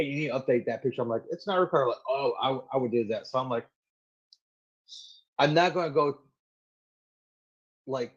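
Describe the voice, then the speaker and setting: Guesting on an interview, this thirty-something Marine gunnery sergeant spins casual, animated stories in a mid-range voice, leaning heavily on "like" and other fillers. The recording is lo-fi, a bit dull and muffled.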